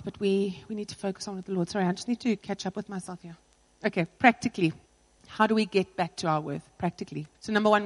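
A woman's voice: mid-range voice, a little mellow, long reverb tail, poor audio. A woman pastor preaching a sermon in an earnest, personal way, driving her points home with repetition.

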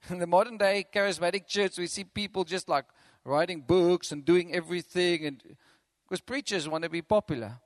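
A man preaching a sermon as pastor, animated, acting out quotes and chuckling between points. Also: high-pitched, moderate pace, no room sound.

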